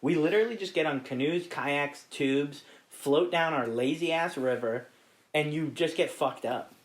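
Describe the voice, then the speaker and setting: A man's voice: fairly high pitch, moderate pace. Laid-back swearing man from Ohio. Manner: laid-back, swears freely, laughs often. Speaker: podcast guest. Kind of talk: casual chat.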